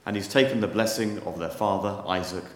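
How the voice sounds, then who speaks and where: Deep-voiced man preaching a sermon. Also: reverberant. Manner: storytelling, measured, wry. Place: church.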